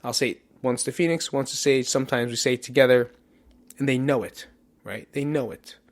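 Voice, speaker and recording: A man's voice: medium pitch, steady tone, fairly quick. A man hosting a podcast, talking candidly and profanely in a self-questioning motivational monologue to the camera. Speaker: podcast host. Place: in front of a camera.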